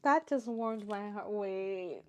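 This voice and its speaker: For her show, a young woman reads stories aloud, pausing between passages for emotional, chatty reactions. She speaks slowly in a mid-range voice.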